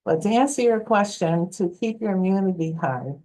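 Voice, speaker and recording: Mellow-voiced woman health coach. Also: medium pitch, moderate pace, rough recording. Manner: animated, acts out quoted voices. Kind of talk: storytelling interview answer.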